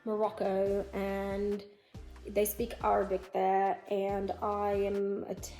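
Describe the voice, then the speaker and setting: A woman mimics an unbothered male tourist with a loose Southern twang. He sounds low, hushed and offhand, brushing off any effort to fit in. The voice rings a little in a roomy space. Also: completely flat delivery, takes it slowly, soft background music. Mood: dismissive. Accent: American Southern, put on. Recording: roomy echo.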